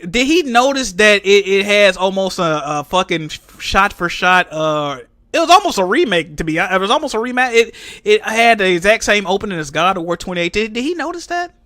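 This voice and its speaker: A man's voice: sits high, expressive, a little fast, hardly any pauses, pushed and bright, no room sound. A man in his forties hosting a podcast, arguing in a casual debate with an exasperated, mocking tone and repeated words. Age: 40s. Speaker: podcast host.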